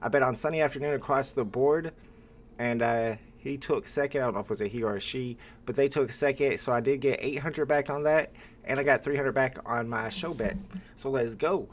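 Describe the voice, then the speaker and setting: A man hosting a live stream, chatting casually with viewers and pausing often with "uh" as he talks. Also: mid-range voice. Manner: relaxed, chatty, with frequent "uh" pauses.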